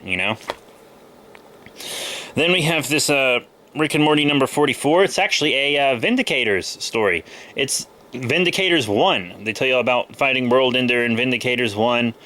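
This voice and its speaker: A man's voice: medium pitch, expressive, fairly quick, bright, forceful tone, a little hiss or hum. A man in his twenties, a little sick with a cold, chatting loosely and rambling with lots of fillers as he shows off his comic book haul. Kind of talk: casual haul video chat.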